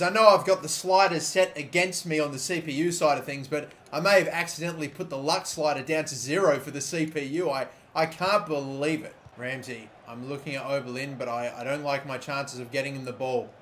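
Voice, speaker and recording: A young man giving live commentary over a football video game, excitable and swearing, sometimes shouting at the game. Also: fairly high pitch, a little fast, hardly any pauses, a little hiss or hum. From Australia. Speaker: gaming YouTuber.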